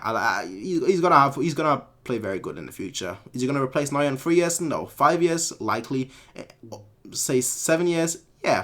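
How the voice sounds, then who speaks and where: A man's voice: medium pitch, a bit bright. Rambling man answering stream comments. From Munich, Germany. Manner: rambling, repeats words and corrects himself mid-sentence. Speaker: fan channel host.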